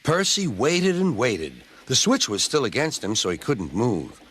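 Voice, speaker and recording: Lively male storybook narrator. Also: unhurried, husky. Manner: lively, very animated pitch. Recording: music underneath.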